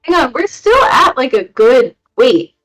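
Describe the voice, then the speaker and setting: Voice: high-pitched, big pitch swings, measured pace, fairly bright tone, shouting, faint music behind, poor audio. A tabletop player speaking as a ship's leader, giving orders to the crew. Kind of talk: tabletop game chat.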